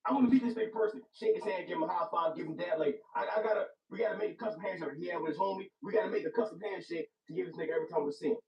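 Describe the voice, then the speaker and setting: Hyped, gravelly young-sounding man. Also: high-pitched, rapid-fire, few pauses. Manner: hyped, profane, repeats phrases. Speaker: movie reviewer. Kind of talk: casual movie review chat. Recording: echoey room, distant dull mic.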